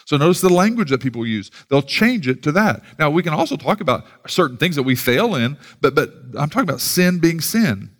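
A man's voice: a little high, big pitch swings, brisk, hardly any pauses. A man teaching about preaching, emphatic and full of rhetorical questions. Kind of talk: teaching talk.

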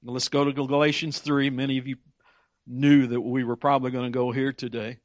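A man's voice: mid-range voice, level tone, fairly quick, no echo. A man preaching a sermon, emphatic, often stumbling and repeating words as he presses his points.

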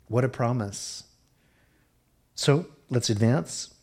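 A man preaching a sermon, expressive, shifting his pace and dropping softer for quoted lines. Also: fairly low pitch, unhurried. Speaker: pastor.

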